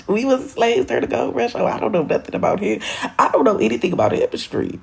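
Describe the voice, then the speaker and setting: A young woman from Michigan chatting on a live stream, rambling, animated and profane, laughing at her own jokes. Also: a little high, moderate pace, creaky, a little hiss or hum. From Michigan, USA. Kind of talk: casual live-stream chat.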